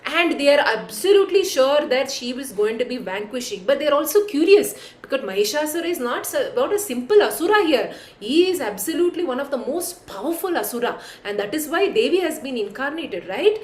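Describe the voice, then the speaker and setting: A woman telling a devotional story, animated and speaking directly to her listeners. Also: high-pitched, fairly quick, reverberant.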